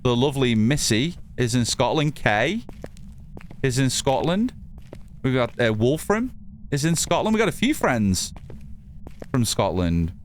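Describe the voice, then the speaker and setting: A man's voice: medium pitch, very animated, a little slow, pauses often, slight background noise. Chatty northern English man streaming. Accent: mixed northern English. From northern England. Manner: chatty, reads chat aloud, swears casually. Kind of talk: casual gameplay commentary.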